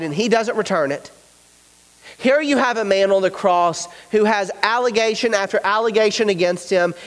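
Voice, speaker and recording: A man with a drawl preaching in a high, light voice, earnest and emphatic as he works through scripture. His words ring out with a long, echoing reverb, as if from a large church sanctuary. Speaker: pastor. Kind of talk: sermon.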